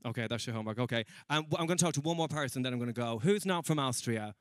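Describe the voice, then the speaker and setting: A man doing stand-up comedy before a live audience, chatting with the crowd in a self-mocking, quick way. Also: mid-range voice, expressive, no echo, studio quality. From Ireland.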